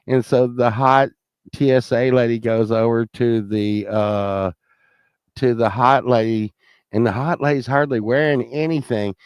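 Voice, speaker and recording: A man spins a long, rambling anecdote, swearing freely and restarting his sentences. He slips into other people's voices as he tells it, at a middling pitch, and the sound is dry and close. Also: steady tone, measured pace, clean tone, no echo. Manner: profane, rambling, many restarts; acts out other people's lines. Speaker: storyteller.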